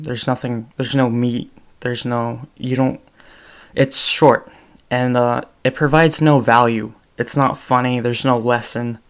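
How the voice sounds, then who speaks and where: A man's voice: mid-range voice, vocal fry. A young man hosting his own podcast, talking alone off the cuff, thinking aloud and correcting himself as he goes. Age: young adult. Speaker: podcast host. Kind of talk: unscripted solo talk.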